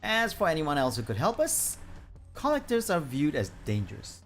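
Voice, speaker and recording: A man's voice: fairly high pitch, wildly swooping pitch, moderate pace, faint music behind, pitched above the performer's own voice. A man reading as an earnest smuggler. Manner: reads lines aloud with stumbles and restarts. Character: secretive collector who smuggles surface supplies.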